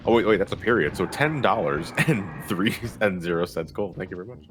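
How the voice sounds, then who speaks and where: Hosting a gaming livestream, a man with a low voice chats casually and reads out donations, joking, laughing often and swearing. He sounds animated and brisk, with faint music behind him.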